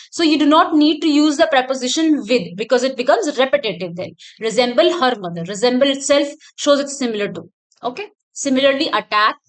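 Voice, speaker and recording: Female teacher, high voice, explanatory lecture delivery that repeats its points. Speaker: English teacher. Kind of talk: recorded exam-prep lecture.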